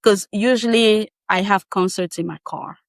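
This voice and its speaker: A woman guest on a podcast, telling a personal story in a casual, animated way with frequent laughs and quick asides. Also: medium pitch, no echo.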